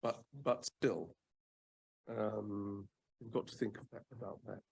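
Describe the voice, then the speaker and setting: An older man from the United Kingdom speaks in a fireside chat with a husky, lowish voice. He is measured and unhurried, hesitating with ums and repeating words to drive a point home. He speaks as a seasoned former advocate. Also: fairly even intonation, darkish tone.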